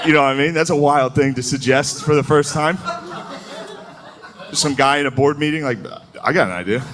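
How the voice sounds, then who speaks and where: A man's voice: on the high side, level tone, moderate pace, a crowd in the background. A man doing a stand-up comedy set, crude and profane, laughing his way through his lines. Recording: noisy recording.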